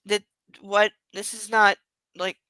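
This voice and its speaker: A woman's voice: mid-range voice, level tone, slow, pushed and bright, no room sound, low-quality recording. A woman hosting a book club, reading a novel aloud and breaking off for wry, exasperated asides.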